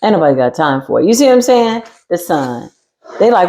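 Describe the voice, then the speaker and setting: A woman giving a casual tarot reading with a sassy, mocking manner, swearing freely and laughing loudly. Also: expressive, moderate pace, gravelly. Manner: swings between low murmurs and high teasing squeals. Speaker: tarot reader.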